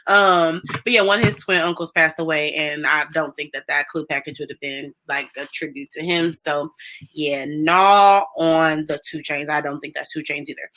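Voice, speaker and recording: A woman recaps a show on a casual live stream, chatty and animated. Her voice sits slightly low yet sounds bright and forward. She speaks straight to her viewers in a loose, talkative way. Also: moderate pace.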